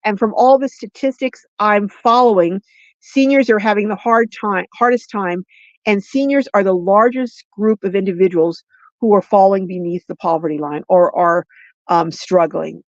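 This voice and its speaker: Recorded on a phone with a dry, lo-fi sound, this older livestream host speaks in a mid-range voice. She rambles chattily through viewer comments, drawing words out slowly and restarting often.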